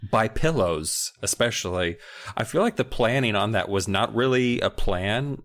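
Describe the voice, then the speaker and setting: A man's voice: fairly low pitch, animated, moderate pace, fairly bright tone. A man co-hosting a comedy podcast, chatting casually and joking, sometimes stammering as he starts. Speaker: podcast co-host.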